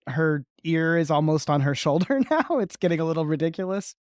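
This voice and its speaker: A woman narrating a tabletop game as game master, measured and often laughing. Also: low voice, very animated, darkish tone, no echo, studio quality.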